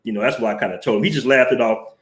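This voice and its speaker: A Southern US man hosts a live stream, telling stories casually in a blunt, profane, chatty way. His mid-range voice moves very fast and sounds reverberant, picked up by a headset mic with headphones.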